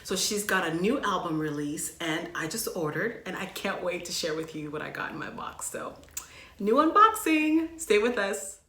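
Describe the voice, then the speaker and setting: A woman massage therapist hosting her own channel, gushing with excitement through a casual unboxing vlog full of slang. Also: lowish voice, normal speed, hardly any pauses, echoey room.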